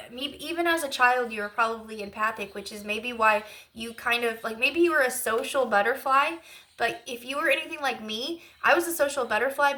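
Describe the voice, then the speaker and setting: This is a woman giving a channeled tarot reading in a relaxed, rambling way. Her voice is bright and rather high. She talks with open emotion and piles in fillers as she works through what she is sensing. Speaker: intuitive tarot reader.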